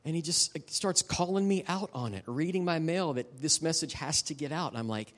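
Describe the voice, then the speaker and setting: A middle-aged man giving a guest sermon at a church service. He tells personal stories in a candid, emotional way and turns to the audience with quick asides. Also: fairly high pitch. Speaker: guest preacher. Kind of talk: conversational sermon ending in prayer.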